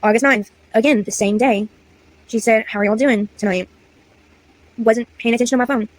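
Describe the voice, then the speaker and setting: Young woman, slightly high voice, chatty, exasperated, story-time vlog, reading texts aloud. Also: fairly even intonation, moderate pace, dry recording, low-quality recording. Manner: chatty, exasperated, slangy asides. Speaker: content creator.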